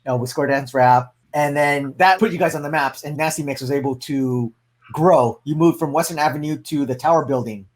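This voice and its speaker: A man's voice: on the high side, fairly quick. A man hosting a casual interview, giving brief encouraging replies and reading out career facts to his guest.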